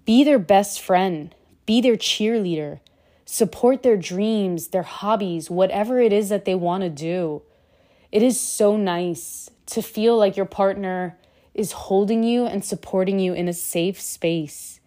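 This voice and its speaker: A woman's voice: medium pitch, a little slow, mellow. A woman giving earnest, emphatic relationship advice straight to her viewers in a casual monologue. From Cuban heritage.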